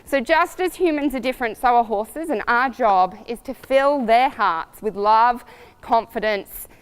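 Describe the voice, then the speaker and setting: A middle-aged woman riding coach talking casually to camera, animated and storytelling with laughs. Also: a little high, measured pace, smooth.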